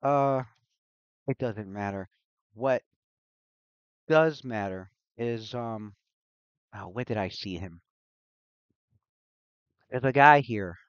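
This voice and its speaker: A man's voice: mid-range voice, slow, long pauses, smooth, no echo, highs cut off, lightly acted. A man voicing a hyperactive, scatterbrained young woman mage who rambles from one thought to the next. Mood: scattered cheerful.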